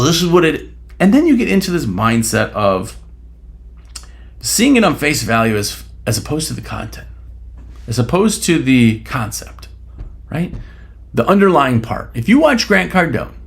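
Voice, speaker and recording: A man hosting a solo podcast, talking bluntly and casually with a bit of swearing, and peppering his points with rhetorical questions. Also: mid-range voice. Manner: blunt, opinionated, casually profane; rhetorical questions, frequent "right?". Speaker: podcast host.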